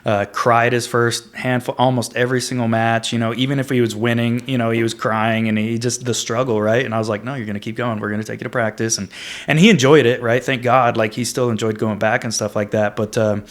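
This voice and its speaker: A man's voice: mid-range voice, little pitch movement, brisk. A man hosting a podcast in casual chat, talking earnestly and often adding "right?" and "you know.". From United States. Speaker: podcast host.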